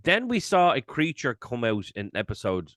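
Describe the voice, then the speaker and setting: A man co-hosting a casual podcast chat, animated, swearing and acting out his own reactions. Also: mid-range voice, normal speed, no echo, studio quality. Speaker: podcast co-host.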